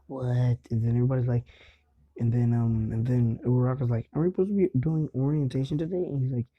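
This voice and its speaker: Rambling man with a dull lo-fi sound. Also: mid-range voice. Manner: rambling, hesitant, many fillers and restarts. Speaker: storyteller. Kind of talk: casual improvised fan-fiction retelling. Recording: dull lo-fi home recording.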